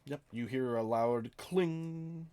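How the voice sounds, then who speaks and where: Low calm guy running the game, just explaining the rules plainly. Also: normal speed. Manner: calm rulings, matter-of-fact. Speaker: game master. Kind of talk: narrating a tabletop game online.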